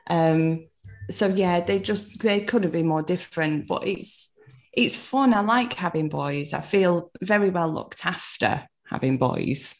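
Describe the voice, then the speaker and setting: A woman's voice: fairly low pitch, a little slow. A woman from the UK in her thirties, chatting casually as a podcast guest, laughing often and swearing lightly. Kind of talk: casual chat.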